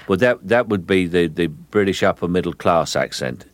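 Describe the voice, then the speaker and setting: Guest actor type, very low voice, close dry sound, talks in measured starts and restarts. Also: male voice, lively intonation, no echo. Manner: measured, explanatory, with frequent restarts. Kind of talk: interview answers.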